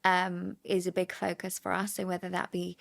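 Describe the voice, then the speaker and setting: Brief: young woman, earnest guest, slightly gravelly voice, relaxed chat. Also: on the low side, moderate pace. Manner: earnest, many restarts and fillers. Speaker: podcast guest, wellness entrepreneur. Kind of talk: casual chat.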